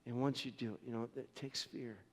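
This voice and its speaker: A man's voice: medium pitch, flat delivery, a little fast, in a large hall. A man preaching a sermon as pastor, telling a story in an earnest way with frequent restarts.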